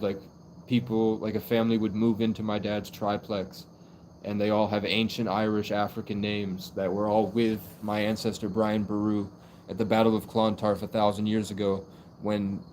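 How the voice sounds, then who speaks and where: A young man rambles through a casual livestream monologue, leaning on "like" as he goes. His voice sits on the low side. Faint crickets and insects chirp in the background. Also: a little mellow, slight background noise. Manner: rambling, heavy use of "like" fillers. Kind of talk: casual live stream monologue.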